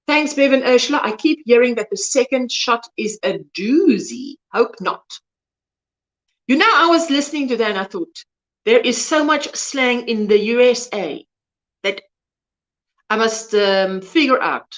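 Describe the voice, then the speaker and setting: Reading out comments on her crochet livestream, the South African host, an Afrikaans native speaker, sounds a little high and animated while keeping a measured pace. She chats casually, wanders off topic, and trails off mid-sentence at times.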